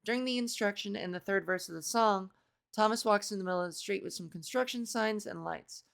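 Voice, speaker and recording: Gravelly-voiced chatty woman. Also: medium pitch, fairly quick. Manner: chatty, self-mocking, swears, reads aloud and reacts. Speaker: video creator. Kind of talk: casual reaction commentary.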